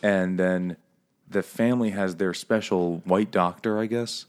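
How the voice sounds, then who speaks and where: Casting: deep-voiced man, podcast co-host, loose and profane, mimics characters while recapping. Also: steady tone, measured pace, clean tone. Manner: profane, jokey, acts out characters in quotes. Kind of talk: casual book-club chat.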